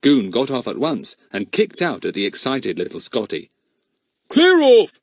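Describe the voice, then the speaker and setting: A man narrating a children's storybook in an expressive storytelling manner. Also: fairly low pitch, moderate pace. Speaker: audiobook narrator. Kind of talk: scripted narration.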